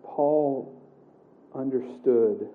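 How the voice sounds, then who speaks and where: A man preaching a sermon in a casual, animated way, acting out the scripture he reads aloud. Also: medium pitch, very slow. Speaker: pastor. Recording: echoey room heard over a tinny narrow line.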